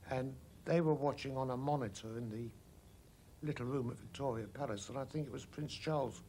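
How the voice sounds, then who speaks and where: A man's voice: medium pitch, fairly quick, dark tone, a little hiss or hum. A man fondly recalling a story. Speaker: interviewee. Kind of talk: anecdote.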